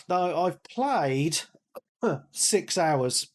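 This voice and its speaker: A man chatting casually on a gaming podcast, his voice sitting a little high. He rambles, repeats himself and restarts sentences, and he is hoarse from losing his voice. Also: lively intonation, extremely slow. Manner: rambling, repeats words, calls himself a big nerd. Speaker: podcast co-host. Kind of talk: casual chat.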